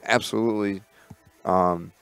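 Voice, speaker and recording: A man co-hosting a podcast in casual chat, relaxed and rambling, with many fillers and restarts. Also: fairly low pitch, a little slow, clean tone. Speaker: podcast co-host.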